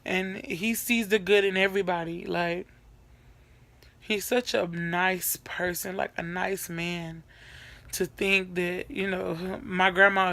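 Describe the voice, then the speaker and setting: A woman's voice: lowish voice, a bit bright. A young woman chatting casually in a get-to-know-me vlog from her bed at night, rambling with many fillers and repeating herself. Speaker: vlogger.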